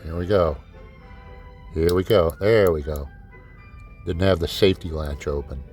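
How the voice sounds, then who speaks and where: Speaking at a measured pace in a low, darkish voice, a man hosts a diecast car vlog over soft background music. He rants in a casual, exasperated way, swears often, and sarcastically calls his viewers kids.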